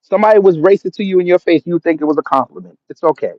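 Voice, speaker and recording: A man's voice: high voice, racing, no room sound. Mocking man hosting a livestream. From Jamaica. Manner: mocking, sarcastic, laughs at chat commenters. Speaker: livestream host. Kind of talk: casual livestream chat reading comments. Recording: dull lo-fi stream audio.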